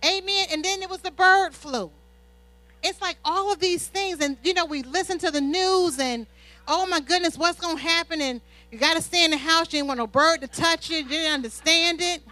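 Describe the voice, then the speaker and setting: A woman preaching a sermon with animated personal stories, often asking the congregation "Amen?". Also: very high-pitched, normal speed, low-quality recording. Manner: animated storytelling, call-and-response "Amen?". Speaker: pastor's wife preaching.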